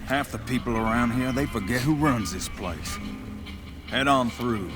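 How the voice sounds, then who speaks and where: A brash, swearing gang enforcer, played by a man in a video game, guarding the door to his boss. His voice sits at a middling pitch with game music clearly behind him. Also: a little slow, natural voice. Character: tough street gang enforcer, rude, bossy.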